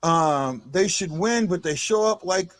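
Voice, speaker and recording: A man hosting a live fan show, excitable and given to shouting and chanting. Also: high-pitched, measured pace. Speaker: host of a fan livestream show.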